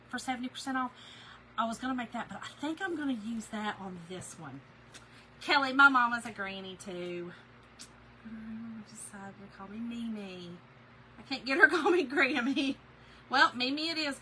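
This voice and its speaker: A woman's voice: on the high side, pushed and bright, slight background noise, rough recording. A middle-aged woman hosts a casual craft live stream, chatting and gushing while reading viewer comments.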